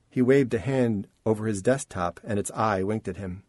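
Reading scripted audiobook narration, a man tells the story in a measured, expressive way. His voice sits on the low side, and the recording is dry and studio quality.

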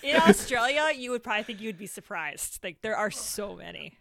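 A woman's voice: medium pitch, lively intonation, brisk, vocal fry. A woman in casual podcast banter, chatty and enthusiastic.

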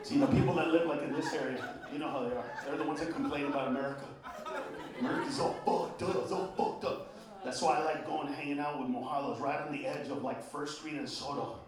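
A middle-aged man doing a stand-up set, brash and profane, shouting his punchlines and dropping in Spanish phrases. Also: fairly high pitch, steady tone, fast. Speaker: stand-up comedian. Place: comedy club stage. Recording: echoey club, mic at a distance, crowd noise. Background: laughing crowd.

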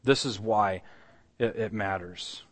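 Speaking slowly in a lowish voice, this pastor delivers a sermon that feels conversational and sincere. He poses rhetorical questions to the congregation, and the sound carries a long hall reverb.

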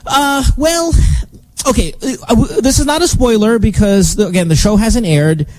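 A man hosting a morning radio show, chatting casually in an animated, rambling, joking way on a studio microphone. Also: high-pitched, moderate pace, dry recording.

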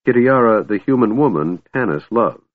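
A man narrating a fantasy audiobook in a measured, expressive way. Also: on the low side, no room sound. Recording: dry, phone-like narrow band.

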